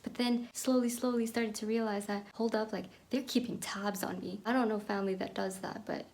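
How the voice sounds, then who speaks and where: A young woman from Pakistan telling a personal story in a candid, animated monologue that drops into whispered asides. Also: mid-range voice, fairly quick. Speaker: podcast host.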